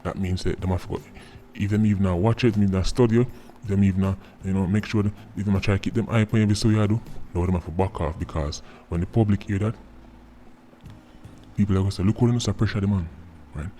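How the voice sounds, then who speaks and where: Mocking Jamaican man, mellow low voice. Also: steady tone, fast, a little hiss or hum. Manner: mocking, repeating tag words like "right?". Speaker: commentator. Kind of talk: casual patois commentary.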